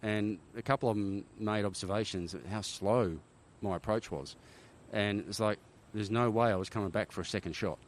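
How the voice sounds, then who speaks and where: Australian male ex-pilot guest, middle-aged, low pitch, lively storyteller, light background noise. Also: moderate pace, hardly any pauses. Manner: animated war-story telling, frequent "right?" tags. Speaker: guest, former army helicopter pilot. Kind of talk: casual storytelling interview.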